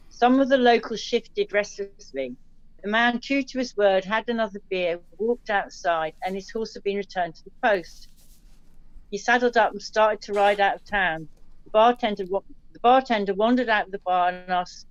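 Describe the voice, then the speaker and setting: A woman's voice: mid-range voice, normal speed, no room sound. A woman hosting an online café show, chatting and reading listener jokes aloud with small slips. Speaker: host telling listener jokes. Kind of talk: casual chat, reading out jokes. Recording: dull dry lo-fi sound.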